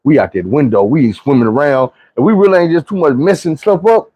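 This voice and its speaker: A man's voice: fairly high pitch, quick pace, hardly any pauses, dark tone, breathy edge, dry recording, rough recording. A young man with a Southern US accent telling a casual, slangy, profane storytime. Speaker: storyteller vlogger.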